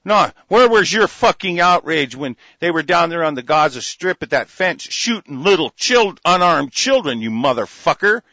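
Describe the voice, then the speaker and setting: A man's voice: fairly high pitch, sing-song, normal speed, few pauses, no room sound, dull audio. A man delivering an angry, profane political rant, hurling insults. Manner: furious, profane, shouting insults.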